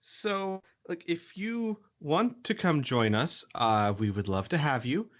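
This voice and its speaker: A tabletop player voicing an awkward, earnest male adventurer who speaks in a halting, gentle way. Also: medium pitch, animated, muffled recording.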